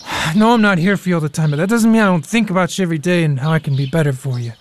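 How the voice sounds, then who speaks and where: A man plays a hard-living alcoholic father in a radio drama. He has a rough, blustery voice that can snap into bullying or soften into gruff affection. A faint hiss runs under the recording. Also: a little high, very fast, lightly acted. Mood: tender. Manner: swings between bullying and tender.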